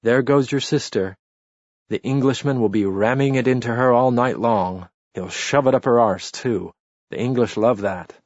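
A man's voice: low-pitched, steady tone, normal speed, a little mellow, husky, no echo, lo-fi sound. A man doing a brash drunk young musician. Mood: drunken taunting.

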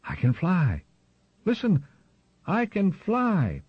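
A man's voice: low-pitched, expressive, measured pace, no room sound. A man voicing a weak, injured young gull. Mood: ecstatic shouting. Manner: quiet, faltering, then crying out. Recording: slightly muffled recording.

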